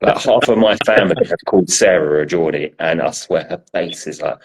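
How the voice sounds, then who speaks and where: With a low voice and a brisk pace, a man with a South London accent co-hosts a podcast in casual chat. He's teasing and self-deprecating, and swears at times.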